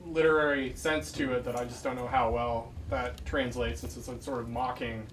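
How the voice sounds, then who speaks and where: A man's voice: mid-range voice, little pitch movement, normal speed, a bit bright. Man, audience question, hesitant, far from the mic, hissy. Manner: hesitant, searching for words. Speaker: audience member asking a question. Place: bookstore event room. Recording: distant, with clear background hiss.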